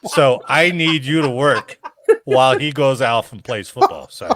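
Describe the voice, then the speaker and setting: A man's voice: mid-range voice, measured pace, background noise, close to an everyday voice. A man playing a blunt military commander who crudely and jokingly turns down a soldier's request. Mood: mock apologetic. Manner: crude, joking, apologetic brush-off. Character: blunt male military commander turning down a troop.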